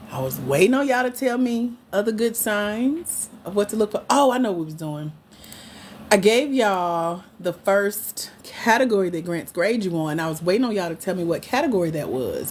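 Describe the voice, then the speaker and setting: A woman's voice: mid-range voice, a little hiss or hum. Playful woman teasing her livestream viewers. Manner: playful, teasing, talks back to chat comments. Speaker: grant coach hosting a livestream. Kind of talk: casual livestream chat with viewers.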